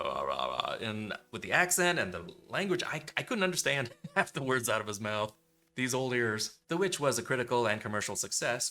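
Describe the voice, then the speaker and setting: A man's voice: mid-range voice, sharp tone. A man reviewing a movie in a wisecracking, sarcastic way, acting out lines for laughs. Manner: wisecracking, sarcastic, acts out quotes. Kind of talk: comedic movie review commentary.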